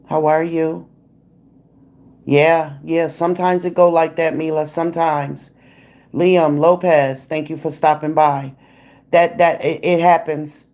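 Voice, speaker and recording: A woman's voice: deep voice, mellow. A woman hosting a true crime livestream in a casual, blunt, slangy way, calling out critics and greeting viewers in the chat by name.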